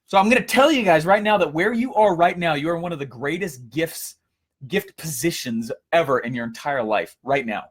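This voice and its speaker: A young man giving a casual coaching lesson, energetic and storytelling, with frequent fillers and restarts. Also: a little high, normal speed, husky. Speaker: course instructor.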